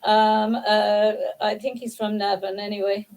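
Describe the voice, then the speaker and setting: A woman's voice: medium pitch, little pitch movement, a little slow, a little mellow, rough recording. A woman chatting eagerly as a panelist on a talk show. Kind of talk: casual panel chat.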